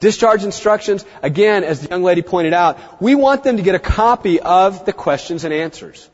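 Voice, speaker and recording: A middle-aged man giving a seminar talk to an audience, chatty and animated, acting out the people he quotes. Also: high voice, normal speed. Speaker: veterinary practice speaker. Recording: muffled, dull sound in a reverberant hall.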